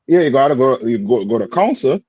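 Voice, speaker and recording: A man's voice: medium pitch, very animated, brisk, warm tone, breathy edge, no echo, muffled recording. A man teaching a religious brotherhood class in a streetwise, repetitive way, often asking if listeners understand. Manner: repetitive questioning, streetwise phrasing.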